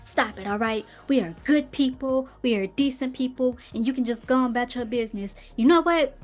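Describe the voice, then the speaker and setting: A woman voicing a defensive pastor's wife who keeps a strained calm and then snaps back in clipped phrases. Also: on the high side, brisk, soft background music, close to an everyday voice.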